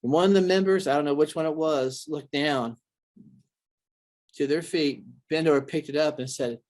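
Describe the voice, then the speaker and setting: A male pastor telling stories in an interview, earnest and animated, often restarting his sentences. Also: on the high side, moderate pace. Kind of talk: recalled storytelling interview.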